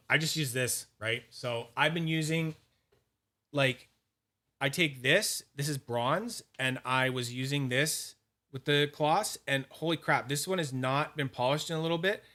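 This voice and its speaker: A man's voice: medium pitch, pushed and bright. A man hosting a casual livestream, rambling and cursing while he demonstrates polishing and reads viewers' names from the chat. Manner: frequent restarts and fillers, quick asides. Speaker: fidget collector channel host.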